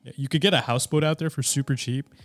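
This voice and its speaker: A man's voice: mid-range voice, fairly even intonation, quick pace, no room sound, faint music behind. A man from India talking casually with friends, laid-back and swearing now and then. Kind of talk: casual chat.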